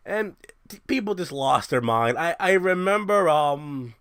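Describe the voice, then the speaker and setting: A young man hosting his own show, ranting in a brash, profane, animated way. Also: high voice, unhurried, no room sound, clean studio sound. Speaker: show host. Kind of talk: casual ranting monologue.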